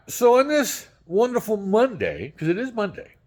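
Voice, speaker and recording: A man's voice: sits high, wildly swooping pitch, moderate pace, few pauses. A man hosting a casual home cooking vlog, chatty and rambling with frequent ums and restarts. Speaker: home cooking show host.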